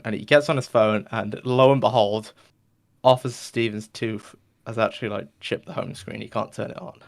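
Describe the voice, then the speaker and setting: A man's voice: fairly low pitch, fairly even intonation, moderate pace, vocal fry. A man hosting a podcast, telling a long rambling joke in a loose, casual way and filling it with whooshing sound effects. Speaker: podcast host. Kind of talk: rambling comedic storytelling.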